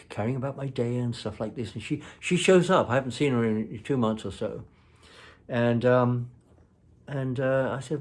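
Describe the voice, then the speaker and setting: A man casually telling a personal story, rambling and halting with many fillers and restarts. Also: mid-range voice, a little mellow.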